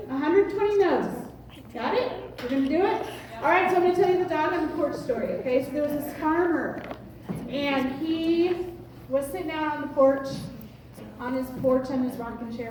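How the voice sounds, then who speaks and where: A woman team leader giving a motivational sales talk to a room, telling stories in an animated way, heard from far off. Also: high-pitched, normal speed, very echoey, crowd noise. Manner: animated storytelling, laughs often. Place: meeting room with audience. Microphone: far from the mic.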